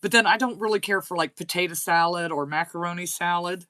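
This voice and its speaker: A woman's voice: on the low side, fairly quick, sharp tone, dry recording. A woman with a slight Southern US accent hosting a casual livestream chat, reading and answering viewer comments aloud. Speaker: crochet channel host.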